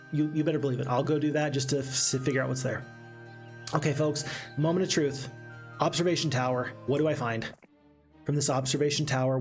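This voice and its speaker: A man giving casual, chatty let's-play commentary while streaming a strategy game and reading chat aloud. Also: a little high. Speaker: gaming streamer. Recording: faint game music behind.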